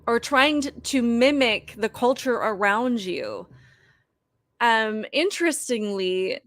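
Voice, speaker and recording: A woman's voice: on the high side, fairly bright tone, no room sound. Dry-voiced woman giving opinionated commentary. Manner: emphatic and critical, addresses viewers directly. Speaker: political commentary host.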